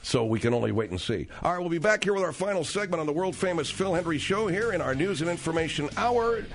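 Sarcastic talk radio host, lively pitch. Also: male voice, fast talker. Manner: wry, sarcastic, slangy, many fillers. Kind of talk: radio talk show commentary.

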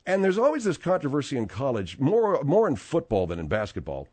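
A man hosting a sports talk radio show, bantering with his co-hosts and reading out the news in an animated, rambling way. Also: mid-range voice, fairly quick, no room sound. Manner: animated, rambling, with frequent restarts.

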